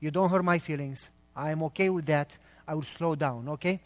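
Male preacher, Romanian accent, earnest sermon delivery, slightly high voice, reverberant church hall. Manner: earnest, talks quickly when excited, pauses between phrases. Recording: long reverb of a large hall.

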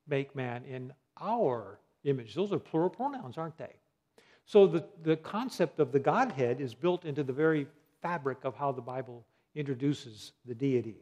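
A man's voice: on the high side, a little mellow. A man teaching a Bible study lesson, putting questions to his listeners and answering them himself, and spelling out words letter by letter. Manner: spells out words letter by letter, many fillers and restarts.

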